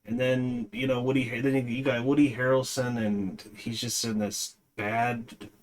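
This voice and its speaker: A man's voice: mid-range voice, little pitch movement, a little slow. A man reviewing a movie in a casual, rambling way, with lots of fillers and a dismissive tone.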